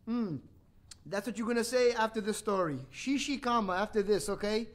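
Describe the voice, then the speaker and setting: A man's voice: high voice, normal speed. A man, hosting a playful bedtime story livestream with jokey, teasing asides. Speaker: host reading a bedtime story. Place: home livestream.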